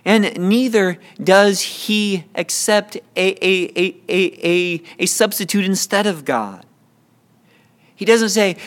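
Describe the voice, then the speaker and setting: Impassioned high-voiced male preacher. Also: slow, smooth. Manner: impassioned, repeats words when building a point. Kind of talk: sermon.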